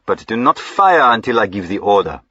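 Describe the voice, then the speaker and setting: A man voicing a suave gentleman highwayman with a French accent, polite, ironic and commanding, in an audiobook reading. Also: very animated, fairly quick, breathy edge, no room sound, highs cut off, heavily acted.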